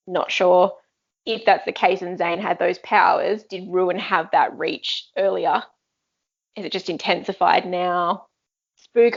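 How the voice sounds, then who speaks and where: Gravelly low-voiced woman, musing. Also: highs cut off. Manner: thoughtful, musing. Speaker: book club podcast co-host. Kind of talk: casual discussion.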